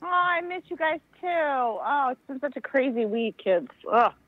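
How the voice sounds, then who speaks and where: A woman calling in to a talk show, gossipy, animated and crude. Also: high voice, unhurried, no room sound, narrow, tinny audio. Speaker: caller. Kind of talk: casual chat. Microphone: phone call.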